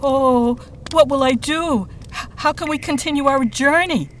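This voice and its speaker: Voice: sits high, measured pace, a little hiss or hum, pitched above the performer's own voice. A storyteller voicing a moaning fretful monk. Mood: distressed. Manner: moaning, worried. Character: fretful old male monk. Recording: distant voice over loud music.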